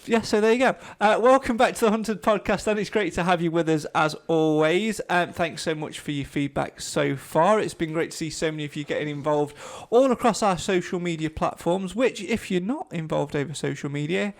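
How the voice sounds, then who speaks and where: A man's voice: fairly high pitch, a little fast, few pauses. A man co-hosting a podcast, tired from illness and chatting in a rambling, self-deprecating way. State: tired, getting over an illness. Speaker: podcast co-host. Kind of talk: casual podcast chat.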